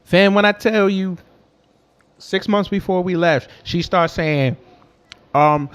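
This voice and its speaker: Animated young man telling a story. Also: high-pitched, slow, long pauses, clean tone. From New York. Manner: animated, slangy, talks back to chat. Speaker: host. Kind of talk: casual storytelling to a livestream chat.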